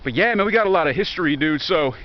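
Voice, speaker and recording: A man's voice: a little high, expressive, fast talker, lo-fi sound. A young man with a Virginia country accent rambles, swearing and sarcastic, as he walks outdoors. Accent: Southern American, Virginia. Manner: profane, joking and sarcastic. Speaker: vlogger. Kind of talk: rambling walk-and-talk monologue. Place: outdoors in woods near a highway.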